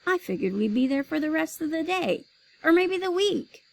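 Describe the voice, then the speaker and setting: A woman, a teacher, reading a children's chapter book aloud with expressive storytelling. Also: high voice, moderate pace, vocal fry, poor audio.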